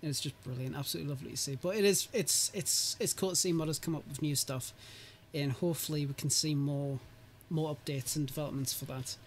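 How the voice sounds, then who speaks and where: A man's voice: a little high, fast, few pauses, slight background noise. A man hosting a podcast in casual chat, talking easily and laughing often. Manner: chatty, laughs often, restarts. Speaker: podcast host.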